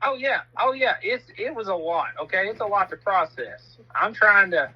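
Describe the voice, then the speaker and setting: A man's voice: high-pitched, lively intonation, normal speed, husky, muffled recording. A man, telling a self-mocking story in casual chat and swearing freely. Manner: laid-back, laughs at himself, swears freely.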